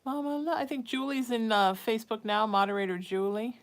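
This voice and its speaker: A woman's voice: on the high side, fairly even intonation, brisk, few pauses. A woman psychic hosting a casual livestream from home. She chats with viewers and coos sing-song baby talk to her cat.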